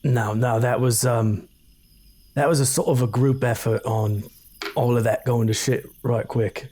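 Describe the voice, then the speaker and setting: A man playing in a tabletop game, calm and joking dryly. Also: mid-range voice, unhurried. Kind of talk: casual chat.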